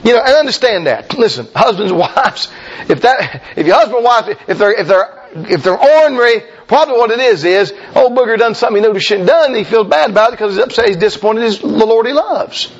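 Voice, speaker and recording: A man preaching a sermon, folksy and emphatic, with sudden shouts and slow drawn-out lines. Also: high voice, lively intonation, breathy edge, highs cut off.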